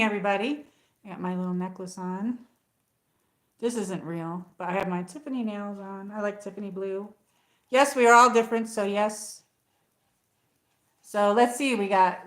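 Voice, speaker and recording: A woman's voice: mid-range voice, normal speed. A woman hosting a casual livestream from home, telling a story with lots of fillers and restarts. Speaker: livestream host. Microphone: tablet. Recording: echoey room.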